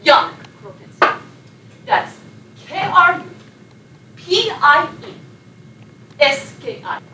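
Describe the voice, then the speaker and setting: An actress playing a sleepless Polish émigré actress who rambles and confides, with a Polish accent, recorded from a distance in an echoey room with noise behind. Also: female voice, extremely high pitch, sing-song, slow pace, bright, forceful tone, exaggerated voice. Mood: chatty. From Poland. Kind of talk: film monologue.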